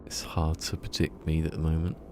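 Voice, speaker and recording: Deep, gravelly man rambling on stream. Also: monotone, brisk, background noise. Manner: rambling, chatty, laughs at his own jokes. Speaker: game streamer. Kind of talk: casual live-stream chat.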